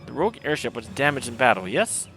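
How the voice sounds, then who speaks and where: A man reading a brisk, confident engineer. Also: mid-range voice, big pitch swings, sharp tone.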